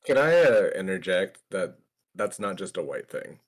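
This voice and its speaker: A man in a casual group discussion, speaking haltingly with many fillers. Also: deep voice, sing-song. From Hispanic background.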